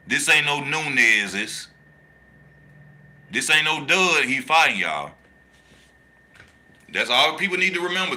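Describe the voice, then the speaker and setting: This mid-range voice belongs to a man hosting a relaxed boxing talk show on his channel. He reads the chat with lively, slang-heavy energy, hammering points home through repetition.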